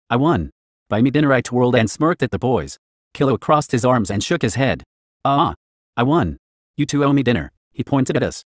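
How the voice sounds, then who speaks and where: A man reading a first-person fan fiction story aloud in an even, flat manner. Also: medium pitch, no room sound, studio quality. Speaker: narrator.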